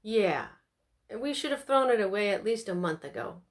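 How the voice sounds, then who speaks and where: A woman voicing a patient, weary middle-aged mother who speaks gently and coaxingly. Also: mid-range voice, animated, normal speed, close to an everyday voice. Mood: gentle, weary.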